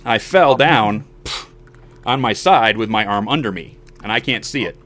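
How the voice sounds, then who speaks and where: A man's voice: fairly low pitch, normal speed. A man in his forties hosting a podcast and telling a long personal story casually, acting out the voices of the people in it. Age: 40s. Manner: animated storyteller who acts out quoted voices. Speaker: show host.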